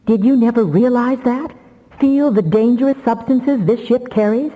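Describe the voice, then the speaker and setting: A woman's voice: a little high, moderate pace, in a large hall, phone-quality sound, voice pushed up, close to an everyday voice. A woman voicing a grim, implacable male telepath mind, insistent and urgent.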